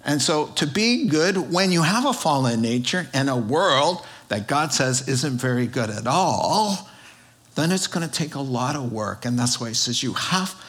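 A man's voice: mid-range voice, lively intonation, a little slow, a bit bright. A male pastor preaching a sermon in a conversational way, with emphatic rises on key words and frequent fillers.

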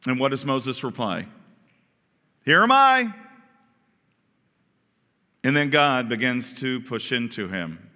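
A male pastor delivers a conversational sermon, retelling scripture and asking the congregation questions as he goes. His voice is bright and forward, at a middle pitch. Long reverb fills the church sanctuary around him. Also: moderate pace, few pauses.

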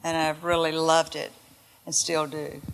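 A woman's voice: low-pitched, little pitch movement. An older woman from North Carolina, giving a sincere personal testimony to her church. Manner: slow, sincere.

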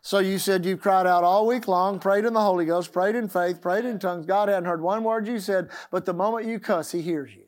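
A male pastor delivers a sermon in a notably high voice. He is emphatic, swinging from loud declarations to hushed, confiding asides. He stretches key phrases and stresses them word by word. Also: fairly even intonation, brisk, hardly any pauses.

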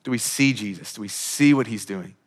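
A man's voice: on the low side, a little fast. A man in his thirties preaching a sermon as pastor, emphatic and full of rhetorical questions. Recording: long hall reverb.

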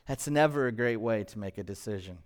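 A male pastor preaching a sermon to a congregation, animated and quizzing the listeners with questions. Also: lowish voice, fairly quick. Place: church, in front of a congregation.

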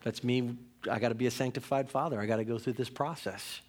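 A man's voice: medium pitch, fairly even intonation, fast talker, darkish tone. A man in his thirties, a pastor giving a sermon in a conversational, candid way, with self-mocking humor.

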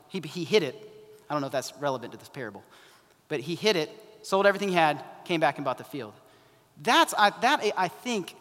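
Man, pastor preaching, high voice, impassioned, long hall reverb. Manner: impassioned, swings from loud urgency to hushed pleading. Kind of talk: sermon.

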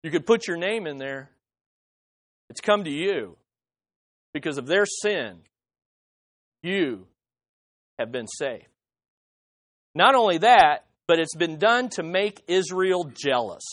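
A male pastor delivering an emphatic sermon in church, full of rhetorical questions and dramatic swings between loud and soft. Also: fairly high pitch, big pitch swings, takes it slowly, pauses often, dry recording.

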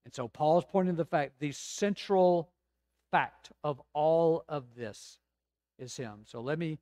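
A man with a fairly high voice preaches a sermon to his congregation, building to emphatic peaks and then easing into slow, hushed reflection. The sound is dry and close, with little room echo. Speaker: pastor.

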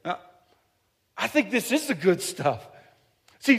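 A man's voice: sits high, expressive, normal speed, long pauses, a bit bright. A man in his thirties preaching a sermon, joking and acting out little quotes as he goes. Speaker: pastor.

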